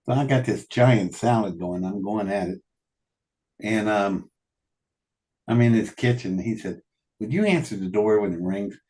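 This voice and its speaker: A man telling animated anecdotes in a casual conversation, often laughing and quoting what people said. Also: fairly low pitch, a little slow, pauses often. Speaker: guest telling stories. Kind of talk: casual storytelling.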